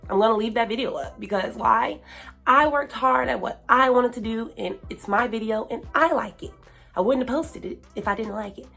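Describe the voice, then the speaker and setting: A woman talks straight to camera, handing out self-help advice in a loose, chatty way with plenty of fillers. Her voice sits a little high, and there is faint music under it. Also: moderate pace, gravelly, sharp tone. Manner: chatty, lots of fillers, hypes herself up. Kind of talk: casual advice monologue.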